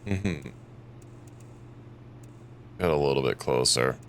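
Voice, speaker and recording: A man's voice: a bass voice, slow, a little hiss or hum. A young man streaming a game, thinking aloud in a rambling, casual way and correcting himself as he goes. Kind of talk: casual gameplay commentary.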